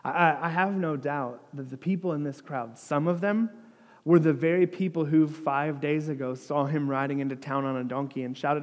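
A man preaching a sermon, retelling the story dramatically, dropping to a hush and swelling louder by turns. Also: fairly high pitch, normal speed. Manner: dramatic storytelling, dropping to a hush for quoted words, rising for crowd lines. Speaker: pastor. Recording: long hall reverb.

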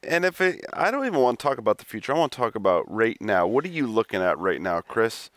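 A man's voice: lowish voice, very animated, quick pace, a bit bright, no echo, clean studio sound. Playful, teasing young man. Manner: playful, mock-brash, teasing. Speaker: podcast co-host. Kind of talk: casual joking chat. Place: his apartment.

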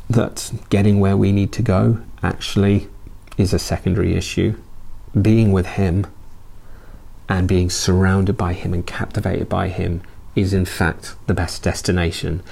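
Low gravelly man preaching a sermon. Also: warm tone. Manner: conversational, halting, with many restarts.

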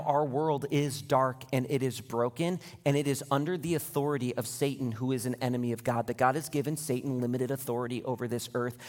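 A man preaching a sermon to his church, building to an impassioned, near-shouting pitch as he retells scenes. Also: fast, few pauses. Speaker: pastor. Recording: long hall reverb.

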